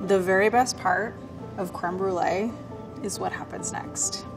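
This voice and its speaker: A woman pastry chef talks through her recipe in a relaxed, step-by-step way. Her voice sits at a middle pitch, and music plays clearly behind her. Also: unhurried. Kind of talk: cooking demonstration talk. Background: background music.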